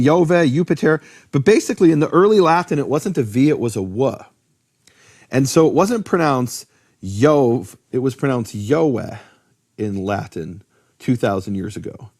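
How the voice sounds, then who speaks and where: A man teaching in a conversational lecture about biblical names, animated, posing rhetorical questions and often restarting his sentences. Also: fairly high pitch, slightly rough. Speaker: Bible teacher explaining Hebrew names.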